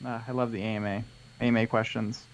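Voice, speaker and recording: A man's voice: medium pitch, level tone, quick pace, slight background noise. A man co-hosting a live miniature-painting stream, chatting casually, joking and reading out viewer questions. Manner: joking, teasing, reads viewer questions aloud. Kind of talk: casual chat.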